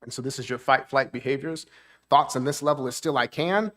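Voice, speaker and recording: A man's voice: mid-range voice, little pitch movement, a little fast, fairly bright tone. A man, a therapist, giving a talk at a church seminar. He explains things plainly, keeps checking in with the audience, and lifts his voice to act out moods.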